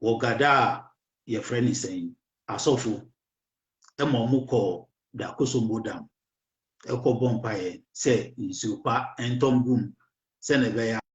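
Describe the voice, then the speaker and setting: A Ghanaian man with a hoarse voice hosts a talk show in a slow, halting way, dropping English words in as he goes. His voice sits in a middle register. The recording is dull and echoey, as if made in a bare room. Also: mid-range voice. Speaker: radio show host. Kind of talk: casual political talk.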